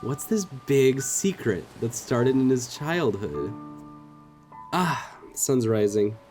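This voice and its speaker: Lively, jokey let's-play host. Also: medium pitch, takes it slowly, faint music behind. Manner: casual, jokey, laughs and swears freely. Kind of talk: let's play commentary, reading game dialogue aloud.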